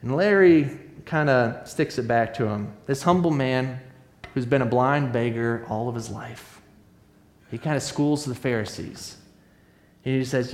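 A man's voice: medium pitch, unhurried. A man preaching a sermon, retelling a Bible story in a casual, conversational way with fillers and restarts. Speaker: pastor. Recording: echoey room.

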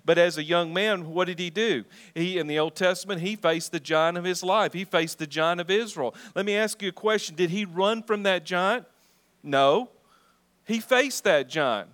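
A man's voice: high-pitched, fairly even intonation, moderate pace, few pauses, fairly bright tone. A middle-aged male pastor preaching a sermon, reading scripture and putting questions to his congregation. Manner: preaching, asks the congregation questions and calls for responses.

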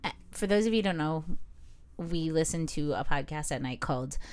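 Swearing, animated woman podcast co-host. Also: low voice, fairly quick, smooth. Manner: animated storyteller, swears freely. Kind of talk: casual chat.

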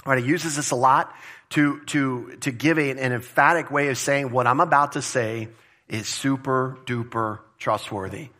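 A pastor preaching a conversational, emphatic sermon, repeating phrases for stress. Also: male voice, mid-range voice, steady tone, normal speed, sharp tone. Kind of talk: expository sermon.

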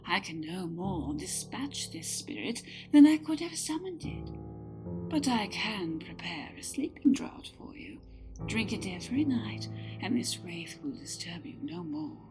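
A woman voicing a scheming witch who speaks in a hushed, whispery way, with music behind. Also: mid-range voice, very animated, unhurried.

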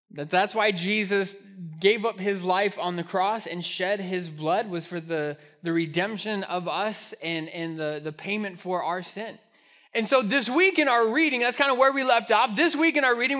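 A man preaching a sermon in a relaxed, conversational way. His voice sits very high and sounds bright and forceful. He often restarts phrases and adds rhetorical asides. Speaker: pastor.

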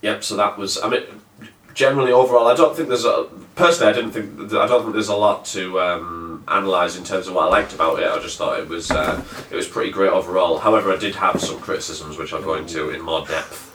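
Deep, bright-toned man reviewing a film. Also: fairly even intonation, fast. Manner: rambling, hesitant with many fillers. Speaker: podcast host reviewing a film. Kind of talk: casual film review chat. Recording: echoey room, far from the mic.

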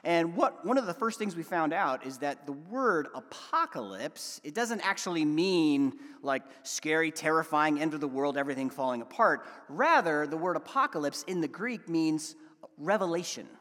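A man's voice: fairly high pitch, expressive, normal speed, fairly bright tone. A man preaching a sermon to his congregation, casual and conversational, with fillers and asides. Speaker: pastor. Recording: long hall reverb.

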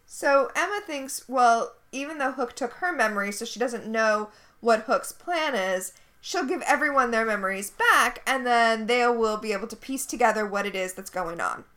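A woman's voice: a little high, animated, normal speed, few pauses, sharp tone. A woman co-hosting a podcast, recapping a TV episode in casual chat, blunt and sarcastic. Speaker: podcast co-host.

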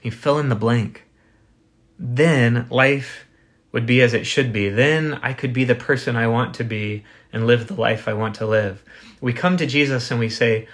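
Speaking in a mid-range voice, a man delivers a sermon as pastor. His tone is earnest, and he constructs his argument with rhetorical questions while easing his pace for emphasis.

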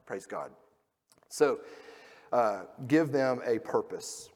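A middle-aged man preaching a sermon as a pastor, telling stories and acting out the people in them, moving from loud to hushed. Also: mid-range voice, expressive, takes it slowly, big-room sound. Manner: storytelling, acting out quoted voices, swings between loud and hushed.

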